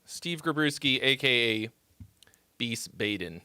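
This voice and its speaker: A man's voice: mid-range voice, lively intonation, takes it slowly, pushed and bright, smooth, no room sound. A man hosting a casual live stream, reading out chat messages and joking around with loose, profane banter. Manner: reads chat messages aloud. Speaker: livestream host reviewing songs.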